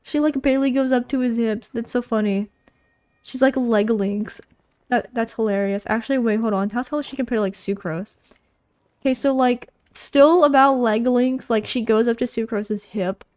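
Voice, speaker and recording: A woman's voice: a little high, moderate pace, a little mellow. Bubbly young woman gushing over a game. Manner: bubbly, gushing, rambling with many fillers. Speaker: gaming YouTuber. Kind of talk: casual gameplay commentary.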